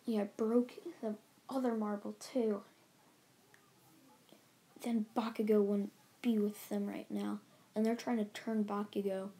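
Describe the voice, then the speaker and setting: A woman hosting her own channel rambles through a casual story recap, often restarting her sentences and leaning on filler words. Her voice stays mellow and low in brightness, and her pitch barely moves. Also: flat delivery, a little slow, pauses often. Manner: rambling, loose retelling with many restarts and "like"s. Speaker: channel host.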